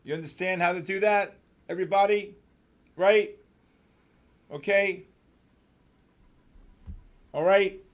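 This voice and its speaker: Excitable male trading-room host. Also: high-pitched. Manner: excitable, fast-talking, bursts of loud exclamations. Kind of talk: live trading room commentary.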